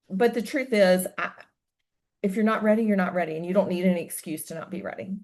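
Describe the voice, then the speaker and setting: A woman's voice: medium pitch, steady tone, a little fast. A woman with a mid-range voice speaks on a casual podcast. She talks candidly and animatedly, tells personal stories, and drops casual swear words without fuss. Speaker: podcast guest, host's wife.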